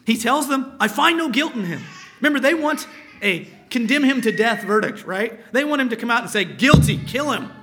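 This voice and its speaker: A man's voice: very high voice, lively intonation, fairly quick, bright, forceful tone. A male pastor preaching a sermon, reading scripture aloud and explaining it, sometimes dropping to a whisper for emphasis.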